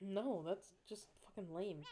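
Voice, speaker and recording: A woman's voice: mid-range voice, a little slow, noisy background. A woman streamer chatting casually with a friend while playing a game, giggling often and shrieking when she gets scared. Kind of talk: casual gaming chat with a friend.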